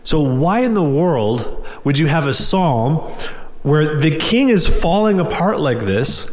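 A man's voice: on the high side, sing-song, slow, a little mellow. Guy preaching a sermon, earnest and direct, stumbles and repeats himself, big echoey hall. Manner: earnest, direct, frequent restarts and repeated words.

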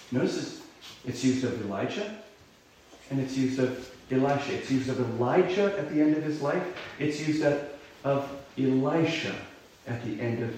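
A man's voice: medium pitch, darkish tone, slight background noise. A male pastor preaching a sermon in a loose, conversational way, with many fillers and restarts, rising sharply when he voices dramatic cries. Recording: very echoey room, voice far from mic.

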